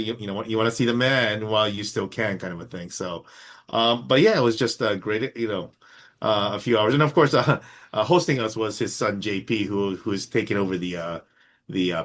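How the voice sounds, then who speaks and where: A man's voice: on the low side, fairly bright tone. A middle-aged man co-hosting a podcast, rambling in casual chat with many fillers. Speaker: podcast co-host.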